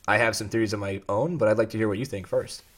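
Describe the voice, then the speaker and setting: A man co-hosting a sports talk show, chatting casually with animated, jokey banter. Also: lowish voice, quick pace.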